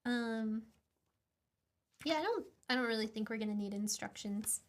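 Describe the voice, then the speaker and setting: A young woman chats on her stream as she solders a kit at her desk, her voice high and light. She rambles, giggles often and pokes fun at herself, talking straight into a desk mic. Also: normal speed. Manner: giggly, rambling, self-mocking. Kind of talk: casual chat while soldering.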